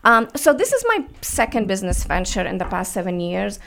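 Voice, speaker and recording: A woman's voice: mid-range voice, very animated, a little fast, gravelly, fairly bright tone, slight background noise. A woman from the Middle East, a business founder talking earnestly as a radio guest, with many fillers and restarts. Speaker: guest, beauty brand founder. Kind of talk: radio interview.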